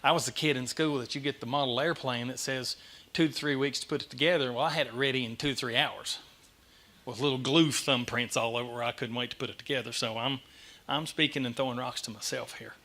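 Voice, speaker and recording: A middle-aged man gives a church message, telling the story in an animated, self-deprecating way. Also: mid-range voice, fast talker. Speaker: lay speaker giving a church message. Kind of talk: sermon. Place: church sanctuary.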